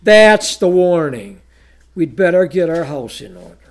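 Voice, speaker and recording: A man preaching a sermon, rising to loud peaks and dropping low, quoting old-style scripture slowly and deliberately. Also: animated. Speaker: pastor.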